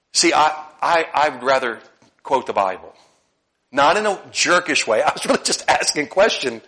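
A middle-aged male pastor preaching a conversational sermon, often repeating words and rising into animated bursts. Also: mid-range voice, normal speed, low-quality recording.

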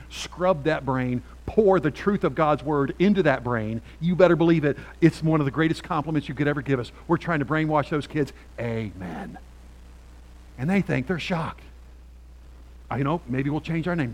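A man's voice: a little high, rough recording. A middle-aged man, a pastor, preaching a sermon in a church with repetitive, rising bursts of emphasis. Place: church sanctuary.

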